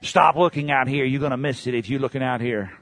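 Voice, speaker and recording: A man preaching with fervent, repetitive emphasis, his voice sitting at an ordinary middle pitch. He swings from loud shouting peaks down to slow, low stretches. The sound is close and dry, with no room echo. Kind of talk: sermon.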